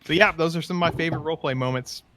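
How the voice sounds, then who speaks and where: Bright-voiced man telling rambling stories. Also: on the high side, racing, slight background noise. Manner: rambling, enthusiastic storytelling. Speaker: podcast co-host. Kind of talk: casual chat about roleplay.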